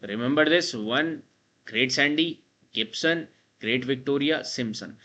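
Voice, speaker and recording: A man's voice: medium pitch, unhurried, bright, forceful tone. A man with an Indian English accent, teaching a map-based exam prep lecture and drilling students with repeated checks like "right?" and "guys". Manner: repetitive, drills the listener with frequent "right?" and "guys".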